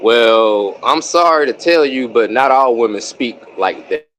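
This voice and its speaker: A man's voice: mid-range voice, measured pace, fairly bright tone. A man who is a guest on a livestream panel, arguing his points in a lecturing way. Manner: argumentative, lecturing. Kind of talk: livestream debate.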